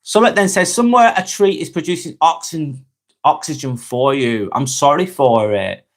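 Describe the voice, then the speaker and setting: A man's voice: fairly high pitch, normal speed. A young man hosting a casual live stream, reading viewers' comments aloud and answering them frankly and chattily.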